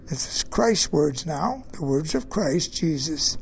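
A man's voice: fairly high pitch, animated, slow pace, gravelly, few pauses, breathy edge. A man preaching a sermon, emphatic, repeating key phrases and putting questions to his listeners.

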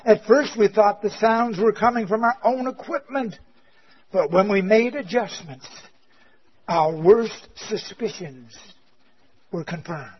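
A man preaching a fire-and-brimstone sermon, firing rhetorical questions and swinging from loud emphasis to near-quiet. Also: high voice, lo-fi sound, slight background noise. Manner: rhetorical questions, slow emphatic delivery, dramatic swings in loudness.

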